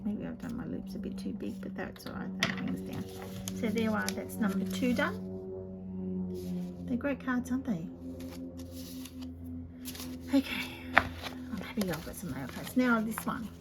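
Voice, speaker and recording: Brief: woman craft demonstrator, chatty, slips into soft half-whispers, noisy home recording. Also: mid-range voice, big pitch swings, measured pace, pauses often, over loud music. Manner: chatty, often drops to a soft half-whisper while working. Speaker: papercraft demonstrator.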